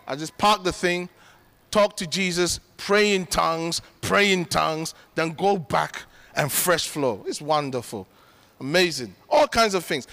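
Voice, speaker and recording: High, bright-voiced man preaching. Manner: earnest, conversational, emphatic. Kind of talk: sermon. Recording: long reverb of a large hall.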